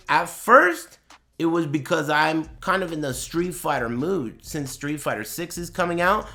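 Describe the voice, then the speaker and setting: A male streamer talking to his chat through a desk mic, animated and profane. His voice sits a little high and leaps around, and it has a bright, sharp edge as he mocks and jokes. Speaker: streamer reacting to a tournament. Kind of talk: casual livestream rant.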